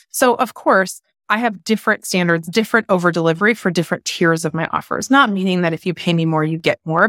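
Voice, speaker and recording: A woman's voice: mid-range voice, dry recording. Passionate, candid woman podcaster, dry sound. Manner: passionate, candid, swears casually. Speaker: podcast host. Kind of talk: solo podcast talk.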